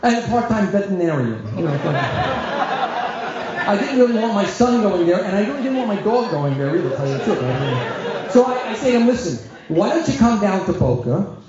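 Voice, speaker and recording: A high-voiced middle-aged man tells lively stories as a rabbi addressing a crowd. He acts out voices as he goes. The sound is dull and lo-fi, and a very echoey hall rings around him. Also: a little fast. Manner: animated storyteller, acts out voices and shouts. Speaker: rabbi giving a talk. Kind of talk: storytelling talk to an audience.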